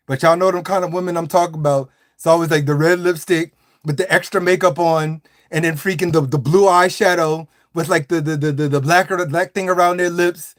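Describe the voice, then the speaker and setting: A man on a live stream, joking and ranting straight to his chat in an animated, playful way. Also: on the high side, fairly quick. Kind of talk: comic stream rant.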